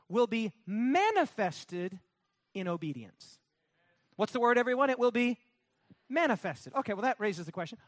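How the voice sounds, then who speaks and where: A man's voice: high-pitched, fairly bright tone, dry recording, clean studio sound. A man preaching a sermon, emphatic and repetitive, calling on the congregation to repeat words and mocking opponents with sarcastic voices. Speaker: pastor.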